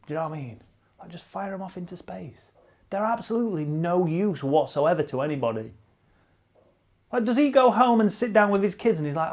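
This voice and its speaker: A man's voice: high voice, animated, brisk. A man hosting casual online cycling news commentary, blunt and sarcastic, swearing freely and repeating himself for emphasis.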